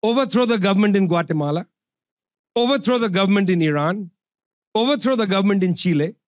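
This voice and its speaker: A man's voice: high voice, expressive, fast, no room sound. A man giving an impassioned political speech, sarcastic and emphatic, hammering points home through repetition. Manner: sarcastic, emphatic, repeats phrases. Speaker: public speaker.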